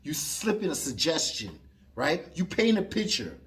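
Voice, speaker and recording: Lively, emphatic man talking boxing. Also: fairly high pitch, moderate pace. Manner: animated, emphatic, argues with an imagined listener. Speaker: boxing commentator. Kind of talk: opinionated commentary.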